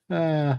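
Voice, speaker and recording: A man's voice: on the high side, a little mellow, breathy edge, dry recording. A man co-hosting a casual livestream chat over a video call, talking loosely with frequent laughs and rambling asides. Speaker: co-host of a livestream show.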